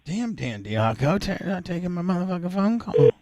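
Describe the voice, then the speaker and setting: A man hosting a radio show, joking and swearing in casual banter with frequent halting restarts. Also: high-pitched, very animated, dark tone, no echo. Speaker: radio host. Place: radio studio. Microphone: studio microphone.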